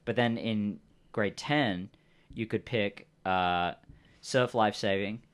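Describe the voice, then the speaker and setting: A man's voice: fairly low pitch, slow pace, clean tone. A man, game master on a live stream, chatting and narrating in an easygoing, rambling way with many fillers.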